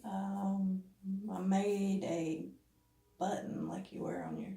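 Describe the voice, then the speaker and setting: A woman's voice: mid-range voice, very animated, slow, dark tone. A woman sitting in on a reading, giving short and hesitant answers. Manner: brief, hesitant replies. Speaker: sitter at a reading, grieving mother. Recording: distant from the mic in a roomy echo.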